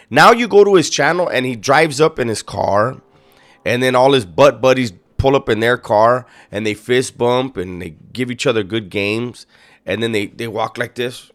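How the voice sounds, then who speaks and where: A man's voice: medium pitch, fairly bright tone. A man hosting a reaction video, making sarcastic, profane and mocking commentary. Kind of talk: casual commentary.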